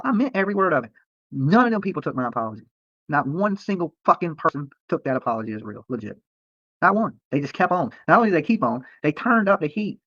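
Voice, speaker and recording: A man's voice: fairly high pitch, expressive, very fast, fairly bright tone, no echo, muffled recording. A man streaming live from a roadside near a protest, talking to viewers in a profane, rambling and defensive way, often tacking on "okay?". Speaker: livestreamer. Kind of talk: livestream rant to viewers.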